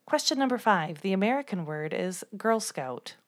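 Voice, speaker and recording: A woman co-hosting a podcast who asks the quiz questions, brisk and matter-of-fact. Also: medium pitch, animated. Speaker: podcast co-host, quizmaster. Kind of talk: casual quiz chat.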